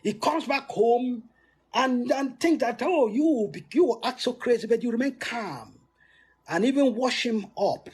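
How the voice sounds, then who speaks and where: A man giving a motivational talk with emphatic swoops in pitch, frequent restarts and laughs between points. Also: lively intonation, a little slow, breathy edge. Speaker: motivational speaker.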